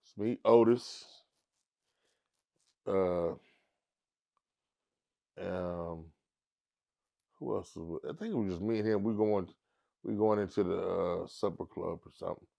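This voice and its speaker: Middle-aged comedian guy telling a story, gravelly low fry, doing everybody's voices. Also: takes it slowly, pauses often. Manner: animated storyteller who acts out others in high squeaky voices. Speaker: comedian guest. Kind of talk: casual storytelling interview.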